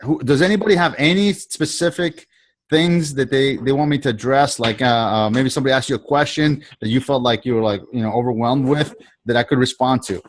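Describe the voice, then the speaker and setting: A man's voice: medium pitch, brisk. A man leading a group video call as a sales trainer, talking casually, rambling and often restarting and repeating his phrases. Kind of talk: casual coaching talk.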